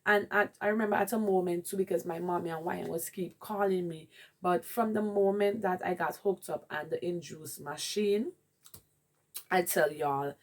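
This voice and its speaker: A woman's voice: fairly low pitch, steady tone, moderate pace. A woman with a Jamaican accent candidly telling a rambling personal story in a vlog. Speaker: vlogger.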